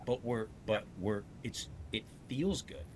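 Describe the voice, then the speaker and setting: Speaking unhurriedly at a medium pitch over slight background noise, a man who owns a dealership spins casual podcast stories. His talk is blunt and salty, and he rambles animatedly with frequent restarts.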